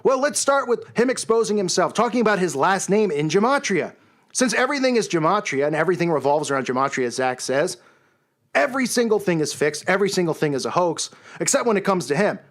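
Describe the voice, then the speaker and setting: A man with a notably high-pitched voice rants at full tilt as the host of his own channel. He yells and raises his voice, heaping scorn as he goes. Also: very animated, fast. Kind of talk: angry monologue rant.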